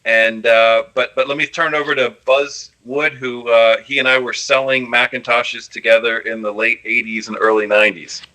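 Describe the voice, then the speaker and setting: A man hosting an online panel, halting and repeating words as he hands over to guests. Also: medium pitch, little pitch movement, sharp tone, low-quality recording. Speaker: host.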